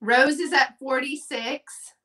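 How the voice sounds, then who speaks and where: Slow-talking bright-voiced woman selling live. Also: high-pitched, fairly even intonation, far from the mic. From Texas. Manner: chatty, says y'all, reads bids aloud. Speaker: live sale host. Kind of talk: live selling stream, casual chat.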